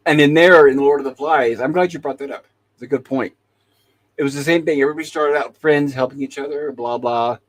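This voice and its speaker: A podcast host with a mid-range voice talks briskly on his talk show, casually retelling scenes from a TV episode and quoting the characters' lines. The recording quality is low.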